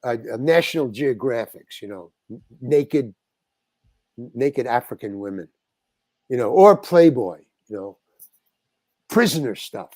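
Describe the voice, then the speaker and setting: A man's voice: medium pitch, lively intonation, measured pace, pauses often, darkish tone, no echo. An older man, a guest actor, telling a rambling anecdote in an interview, stopping and restarting as he acts out the exchanges he quotes.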